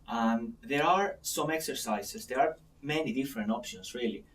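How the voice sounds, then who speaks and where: A man acting as a mindset coach, guiding an exercise in a calm, slow manner. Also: mid-range voice. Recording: voice from a distance to the mic, faint noise.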